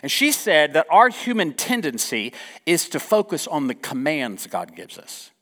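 A male pastor preaching a sermon, reading scripture aloud with lively, joking asides to his congregation. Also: a little high, a little slow.

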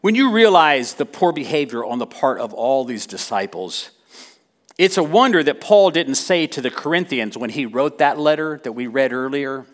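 A man preaching a sermon in church, animated, with wry asides and dramatic quoted lines. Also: mid-range voice, normal speed.

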